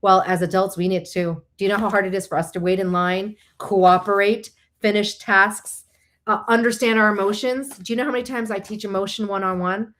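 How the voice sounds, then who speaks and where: A woman who is a licensed counselor, hosting a live talk in a chatty, animated way and explaining with asides. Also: mid-range voice, a little fast.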